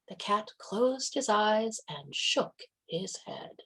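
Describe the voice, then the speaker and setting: A woman reading a children's animal story aloud during a church service, expressive and animated. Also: medium pitch, slow, few pauses, breathy edge.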